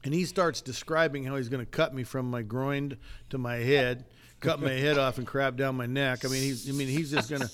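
A medium-pitched man speaking at a moderate pace co-hosts a podcast, telling a story casually and animatedly voicing the people he quotes. A little hiss or hum sits under the audio.

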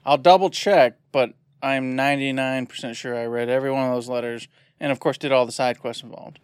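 A man co-hosting a video game podcast in an animated, jokey way, laughing often. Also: mid-range voice, brisk, clean tone, no echo, clean studio sound. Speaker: podcast co-host. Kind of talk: casual chat.

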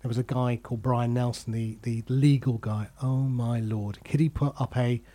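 A man's voice: mid-range voice, steady tone, normal speed, dark tone. A middle-aged man hosting a podcast, chatting casually and telling self-deprecating stories from his career. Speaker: podcast host. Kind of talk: casual conversation.

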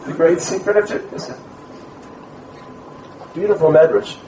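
New guy giving a rabbi-style talk, bit high voice, echoey room, mic kinda far. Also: a little slow, muffled recording, a little hiss or hum. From Brooklyn, USA. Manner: animated storyteller, mixes in Hebrew terms. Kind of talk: lively sermon-style lecture with stories. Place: room at a community gathering.

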